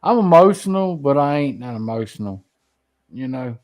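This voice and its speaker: A man's voice: mid-range voice, expressive, normal speed, lo-fi sound. A man, hosting a casual talk show, rambling with many restarts and folksy swearing. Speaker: podcast host. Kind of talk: casual chat.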